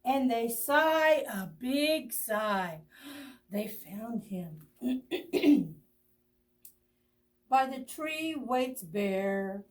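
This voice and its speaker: A woman librarian reading a picture book aloud to children, with expressive pauses, gasps and friendly asides to her young listeners. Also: a little high, distant mic. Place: library storytime video.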